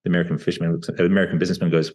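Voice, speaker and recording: A man in his thirties, a podcast guest talking reflectively over a video call, with plenty of pauses and fillers. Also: low-pitched, flat delivery, a little mellow. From Australia. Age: 30s. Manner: reflective, hesitant with many fillers. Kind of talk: casual interview talk.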